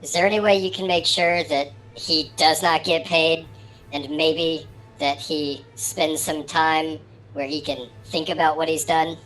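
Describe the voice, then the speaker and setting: A woman with a low voice talks casually as a player in a tabletop game. She speaks in a dry, matter-of-fact way, with faint music playing behind her. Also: steady tone, unhurried, fairly bright tone, poor audio.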